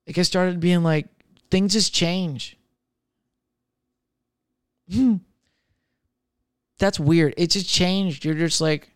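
Young man, casual podcast talk, rambling, profane, smooth tone, slightly high voice. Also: fairly even intonation, takes it slowly, long pauses, dry recording, clean studio sound. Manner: rambling, profane, filler-heavy. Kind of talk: casual storytelling chat.

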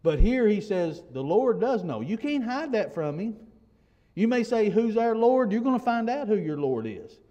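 High-voiced man preaching a sermon. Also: very animated, normal speed, warm tone, lo-fi sound. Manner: conversational, frequent restarts and "you know", rising to emphatic. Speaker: pastor.

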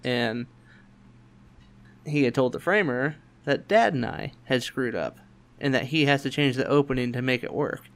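A young man hosting a podcast, telling a work story in a quick, animated way and acting out other people's lines. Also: mid-range voice. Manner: quick, animated anecdote-telling with voiced quotes. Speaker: podcast host. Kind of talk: casual storytelling chat.

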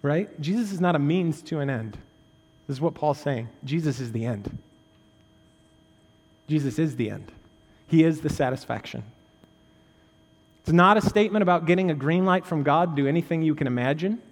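A man's voice: animated, normal speed, in a large hall. Man preaching with big dynamic swings. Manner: conversational preaching with frequent "right?" asides and humor; swings between intense raised emphasis and quiet low-voiced stress. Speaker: pastor. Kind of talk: sermon.

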